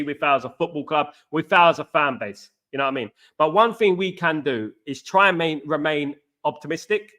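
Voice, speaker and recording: Man, East London accent, fan stream host, bright tense voice, fairly high, emphatic and repetitive. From East End of London. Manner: emphatic, repetitive, addresses viewers as mates. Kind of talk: live match-day stream chat. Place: home in an apartment complex abroad.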